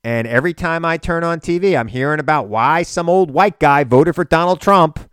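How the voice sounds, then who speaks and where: A man hosting a political show, delivering an animated, indignant monologue full of rhetorical questions. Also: fairly high pitch, moderate pace, clean tone, dry recording, clean studio sound. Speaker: political radio and podcast host.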